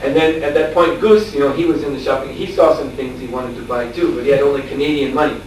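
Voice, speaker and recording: Male spiritual teacher, lively storyteller, captured from a distance in a very echoey room with faint noise behind. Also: mid-range voice, quick pace. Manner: animated storyteller, laughing, acting out shouts. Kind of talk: storytelling lecture.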